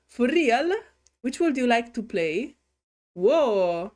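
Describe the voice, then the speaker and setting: Slow-talking Italian woman. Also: fairly high pitch, very animated, a little mellow. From Italy. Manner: playful and chatty, hums to herself. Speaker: gaming YouTuber. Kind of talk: casual game commentary. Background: faint game music.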